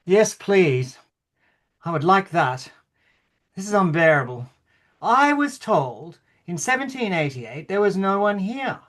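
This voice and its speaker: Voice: medium pitch, big pitch swings, takes it slowly, fairly bright tone. A performer reading the part of a bewildered, indignant king in a play rehearsal, stammering now and then. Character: bewildered, pompous king of Australia. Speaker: actor in rehearsal.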